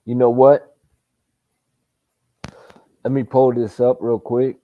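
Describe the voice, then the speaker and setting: A man's voice: medium pitch, little pitch movement, no room sound, phone-quality sound. A man hosting a live boxing stream, reacting in casual, profane, emphatic commentary. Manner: profane, emphatic, drawn-out remarks. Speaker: boxing livestream host.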